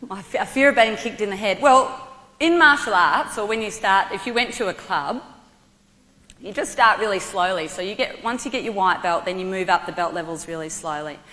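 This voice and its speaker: Bright-voiced woman speaking in a reverberant hall. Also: mid-range voice, a little fast. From Australia. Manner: energetic, playful instructor, shouts commands. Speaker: guest speaker, martial arts athlete. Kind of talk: motivational talk with demonstration. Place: large hall with audience.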